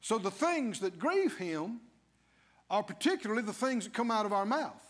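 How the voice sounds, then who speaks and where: A male pastor preaching a sermon in a church, swinging from low asides to shouted declarations. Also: lively intonation, moderate pace. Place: church sanctuary. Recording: long church reverb.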